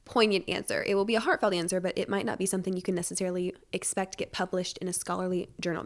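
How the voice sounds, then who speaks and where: A young woman in her twenties hosting a casual solo podcast from home, talking quickly in a rambling, self-deprecating way, with a stuffy nose. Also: medium pitch, a little mellow. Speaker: podcast host.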